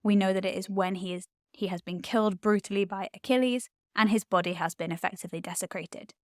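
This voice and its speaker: A woman's voice: mid-range voice, steady tone, quick pace, no echo, studio quality. A woman Latin tutor, explaining poetry in an enthusiastic, chatty way with frequent ums.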